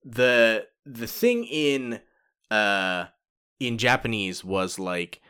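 A man co-hosting a casual chat, lively and quick to laugh at his own jokes. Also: lowish voice, clean tone.

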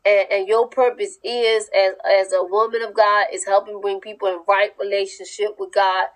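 A woman's voice: mid-range voice, level tone, normal speed, low-quality recording. A woman preaching with a fervent, emphatic cadence and informal speech. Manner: informal speech with dropped verb endings. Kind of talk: sermon-style teaching.

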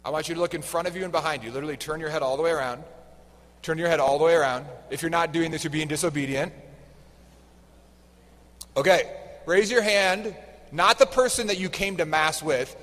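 A man preaching a homily with a fairly high voice, talking casually and tossing questions at the congregation. His words ring out in a large, echoing church hall. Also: fairly quick, pauses often, fairly bright tone. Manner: conversational, quizzes the congregation. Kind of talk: sermon.

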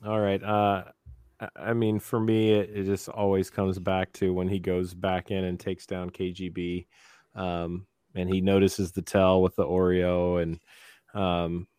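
A man with a low, smooth voice talks in an easygoing, hesitant way on a podcast. The sound is close and dry, with no room echo. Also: completely flat delivery, a little slow, darkish tone. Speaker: podcast co-host. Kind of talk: casual podcast chat.

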